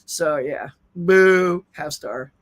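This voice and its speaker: A man's voice: sits high, expressive, normal speed, a bit bright. A middle-aged man hosting a casual live stream, chatting animatedly and reading viewer comments aloud. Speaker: host.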